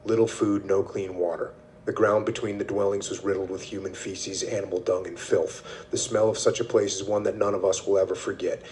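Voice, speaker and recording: A podcast host reads book passages aloud in a very deep male voice. His delivery stays steady and measured, with little rise and fall in pitch, and a faint hiss sits under the recording. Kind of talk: reading a book excerpt aloud and discussing it.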